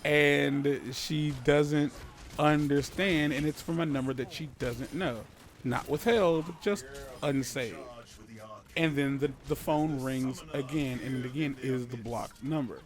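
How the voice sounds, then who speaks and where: A podcast co-host with a fairly high-pitched voice speaks slowly while casually telling a creepy story. He rambles, swears, and cuts himself off.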